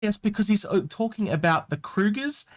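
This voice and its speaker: A man's voice: high-pitched, expressive, moderate pace. A man co-hosting a live Q&A, arguing insistently and cutting in over a video call. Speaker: co-host. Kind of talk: heated live Q&A argument.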